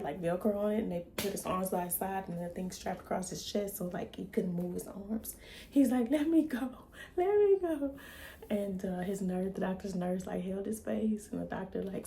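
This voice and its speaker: A woman vlogger and mother casually retelling a story to her camera in a chatty, animated way. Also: medium pitch, vocal fry, a little hiss or hum.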